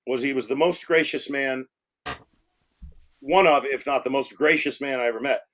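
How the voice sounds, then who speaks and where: A man, a film director, telling animated anecdotes in a casual interview, swearing freely and acting out other people's voices. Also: medium pitch, normal speed.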